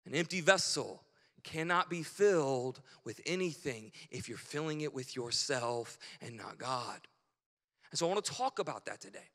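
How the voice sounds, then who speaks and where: A man's voice: mid-range voice, expressive, moderate pace, pushed and bright. A male pastor preaching a sermon in a casual, conversational way, often checking in with the congregation. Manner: conversational, keeps checking in with "right?". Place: church sanctuary. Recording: long church hall reverb.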